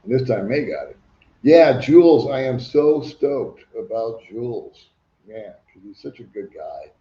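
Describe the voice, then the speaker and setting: A man's voice: mid-range voice, animated, unhurried, dark tone. An older man hosting a casual livestream, chatting and reading viewer comments aloud. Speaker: livestream host. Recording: echoey room, dull lo-fi sound.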